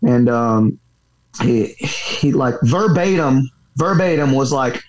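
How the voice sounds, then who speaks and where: A man's voice: mid-range voice, expressive, slow pace, poor audio. A man who fights professionally and coaches boxing, telling a story in a casual interview, rambling, swearing freely and leaning on filler words.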